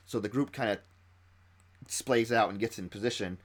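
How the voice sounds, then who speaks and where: A man who ran a tabletop game explains how he built an encounter, retelling it in an excited, stop-and-start way. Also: medium pitch, brisk. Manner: excited storytelling with frequent restarts. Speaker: game master.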